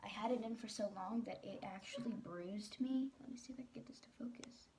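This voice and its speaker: A woman's voice: a little high, fairly quick, dark tone, slight background noise. A teenage girl candidly telling a personal story in a vlog, rambling with fillers and restarts. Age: teens. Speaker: vlogger.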